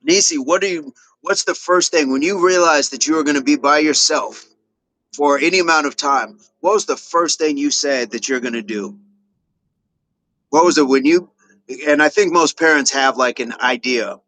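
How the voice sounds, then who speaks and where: A man's voice: a little high, moderate pace, fairly bright tone, no echo. A middle-aged man hosting a fitness livestream, chatting casually with viewers and repeating affirmations as he reads their comments.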